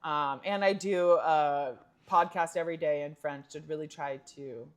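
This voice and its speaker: A woman co-hosting a podcast, telling travel stories in casual chat, animated and laughing often. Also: deep voice, moderate pace. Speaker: podcast co-host.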